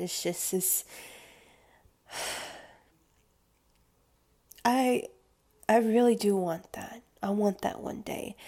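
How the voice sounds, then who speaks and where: A woman speaking in an intimate confessional monologue, hesitant and halting, often slipping into soft whispers. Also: mid-range voice, vocal fry.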